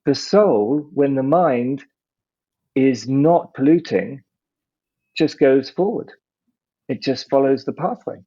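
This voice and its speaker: A man speaking as a podcast guest, measured and philosophical, slowing down to stress ideas. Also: medium pitch, animated, dark tone. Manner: measured, philosophical, slows down for emphasis. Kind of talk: reflective interview talk. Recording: muffled lo-fi audio.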